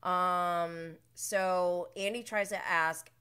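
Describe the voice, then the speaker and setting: Woman, podcast host, casual recap, rambling, laughs a lot, bright tone. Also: fairly low pitch, steady tone, drawn-out words, clean tone. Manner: chatty, rambling, laughs often, mimics people she quotes. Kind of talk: casual reality-show recap.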